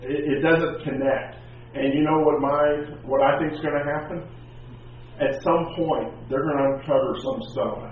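A man's voice: on the high side, steady tone, unhurried, a little hiss or hum. A man teaching a class, lecturing in an informal, rambling, conversational way. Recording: echoey, distant, tinny classroom recording.

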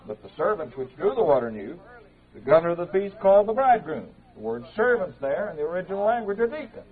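Man preaching, on tinny old tape. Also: on the high side. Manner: measured, conversational, with small slips and restarts. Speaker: preacher teaching a Bible class. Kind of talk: evening Bible class lecture. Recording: tinny, narrow-band old tape recording.

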